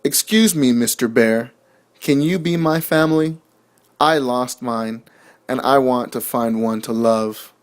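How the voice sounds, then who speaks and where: A man's voice: medium pitch, a little slow, close to an everyday voice. A man voicing a lonely, timid little male bee who pleads to join a new family in a storybook. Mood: pleading.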